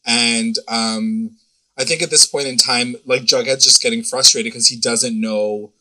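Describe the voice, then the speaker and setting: A young man chatting casually as a co-host, retelling a TV episode in a rambling, animated way, full of fillers and little quoted voices. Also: medium pitch, a little slow, poor audio. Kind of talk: casual chat.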